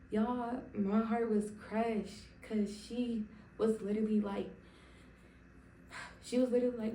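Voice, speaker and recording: A woman's voice: medium pitch, dark tone, far from the mic, a little hiss or hum. A young woman telling her personal faith testimony to camera, emotional and rambling, with many fillers and restarts. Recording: roomy sound from away from the mic.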